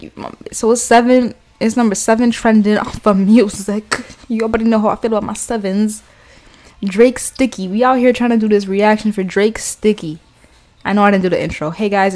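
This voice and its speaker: A woman hosting a casual music video reaction vlog, chatty and excitable, swearing and laughing as she talks. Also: medium pitch. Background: faint music playing.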